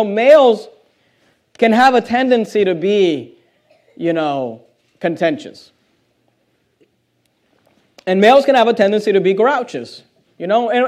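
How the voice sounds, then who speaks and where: A man's voice: high-pitched, darkish tone. A man preaching a sermon in a conversational way, reading scripture aloud and putting questions to the congregation.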